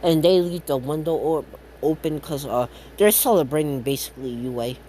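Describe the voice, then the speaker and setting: A man's voice: fairly high pitch, normal speed, warm tone, slight background noise. Rambling man making up a fan story. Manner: rambling, lots of fillers and self-corrections, casual swearing. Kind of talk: improvised fan-fiction narration.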